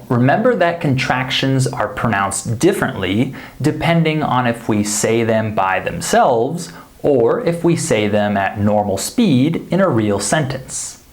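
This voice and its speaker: Slow, deliberate male English teacher. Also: mid-range voice. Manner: slow, deliberate, models example sentences clearly. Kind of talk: scripted pronunciation lesson.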